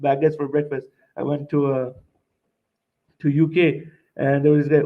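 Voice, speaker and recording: A man's voice: a little high, level tone, fairly quick, phone-quality sound. A young man from Montreal giving a seminar lecture, speaking emphatically, repeating his points and tagging them with "right?". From Montreal, Canada.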